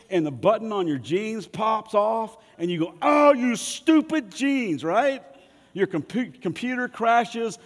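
Folksy preacher in a reverberant hall. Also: male voice, sits high. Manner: folksy, humorous preaching with audience prompts. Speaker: pastor. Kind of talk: sermon.

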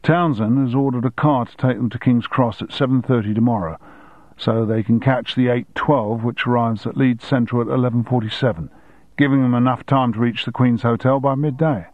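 A man voicing a gruff former army man with a Cockney twang, reporting what he found out. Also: mid-range voice, steady tone, fairly quick, no room sound, narrow, tinny audio, close to an everyday voice.

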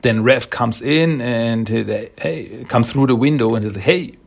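Casual male comic reviewer, husky and hesitant, with a creaky voice. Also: mid-range voice, measured pace. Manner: rambling, hesitant, chuckling.

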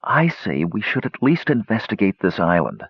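An anxious young mage pleads earnestly in a storybook reading, voiced by a man. His husky voice rises and falls widely. The recording is dull and dry. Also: on the low side, very animated, moderate pace, no room sound, heavily acted. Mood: hushed. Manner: urgent, earnest.

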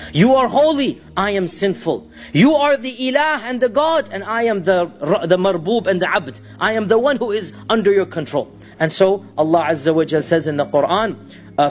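High-voiced man preaching a vivid sermon. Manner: dramatic storytelling, rising and falling, recites Arabic verses.

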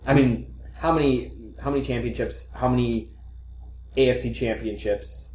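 A man's voice: medium pitch, fairly even intonation, moderate pace, darkish tone, slight background noise. Joking man co-hosting in a roomy space. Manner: joking, chatty banter with restarts. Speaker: podcast co-host. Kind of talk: casual sports chat. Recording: roomy echo.

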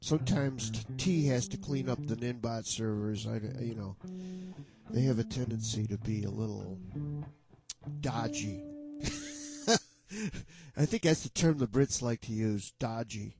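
A man talks casually as host of an online jam session, rambling and restarting his sentences and chuckling now and then. His voice sits at an ordinary middle pitch, with faint music playing behind him. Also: moderate pace, creaky. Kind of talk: casual chat.

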